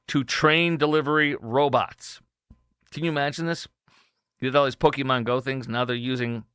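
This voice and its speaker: A man hosts a talk show in a smooth, resonant voice. He reads news items aloud, then breaks off with incredulous asides. The sound is close and dry. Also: mid-range voice, a bit bright, no room sound. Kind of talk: casual news commentary.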